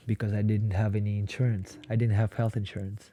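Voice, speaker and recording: Low, flat-voiced man telling his story. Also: normal speed. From Ukraine. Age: 20s. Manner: blunt, swears freely while telling his story. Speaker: podcast guest. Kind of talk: casual storytelling.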